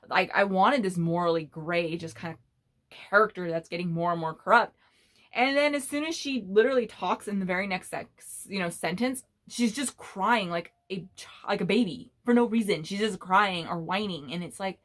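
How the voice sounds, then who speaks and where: A woman's voice: mid-range voice, normal speed, a bit bright. A young woman reviewing a book in a casual vlog, blunt and exasperated, swearing freely as she rants. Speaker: book vlogger.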